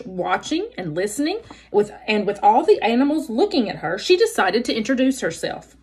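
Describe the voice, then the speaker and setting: A woman teacher reading a children's book aloud, with an expressive storytelling manner. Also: mid-range voice, breathy edge.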